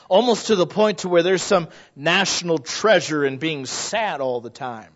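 Brief: male pastor, high voice, animated, laughs often, sermon on a dull lo-fi recording. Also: normal speed, hardly any pauses.

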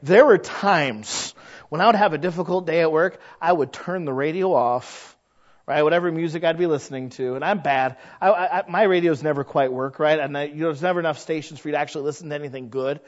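A man's voice: fairly high pitch, fairly quick. A man preaching a chatty sermon as pastor, folksy and conversational. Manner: folksy, chatty, acts out quoted voices. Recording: dull lo-fi recording.

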